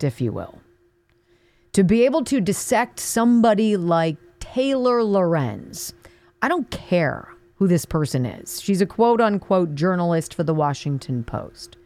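A middle-aged woman hosting a talk show, her pitch swinging widely as she mocks and stresses her points. The sound is close and dry, with no room around it. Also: a little mellow, no echo. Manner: sarcastic, emphatic, mocking asides. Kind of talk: opinionated talk radio monologue.

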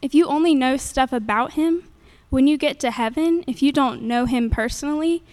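A woman's voice: sits high, moderate pace, darkish tone. A young woman giving a nervous, earnest faith testimony into a handheld microphone at a church gathering, with many fillers.

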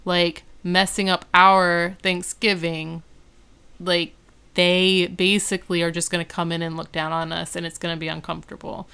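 Woman with a smooth, clear voice. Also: lowish voice. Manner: animated, retells scenes with quoted lines. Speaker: podcast co-host recapping a TV episode. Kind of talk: casual chat.

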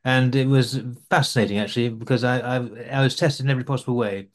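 A man's voice: mid-range voice, fairly even intonation, fast. A man answering interview questions about his overland travels, rambling with frequent restarts.

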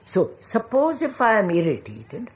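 A woman speaks to an audience in a reflective public talk. Her voice moves a lot in pitch as she presses questions. She keeps checking that listeners follow and calls them sir. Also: huge pitch swings, a little slow, darkish tone.

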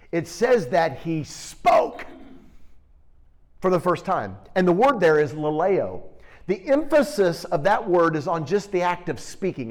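A middle-aged man preaching a sermon, teaching with animated, emphatic bursts and storytelling. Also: fairly high pitch.

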